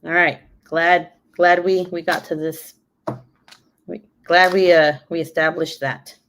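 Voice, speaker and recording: A woman's voice: lowish voice, flat delivery, measured pace, fairly bright tone, slight background noise. A woman in her twenties chatting casually on her live stream, cussing freely and laughing often. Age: 20s. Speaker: YouTuber.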